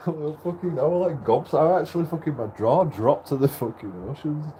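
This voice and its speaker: A man's voice: on the high side, a little fast, dark tone, a little hiss or hum. A man vlogging in casual, rambling chat. He laughs often, swears a lot and restarts his sentences.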